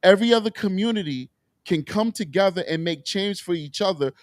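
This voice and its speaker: New guy hosting a talk show, fired up and swearing, higher voice, dry mic. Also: animated, brisk, no room sound. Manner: impassioned, emotional, profane. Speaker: show host. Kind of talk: heated political talk show.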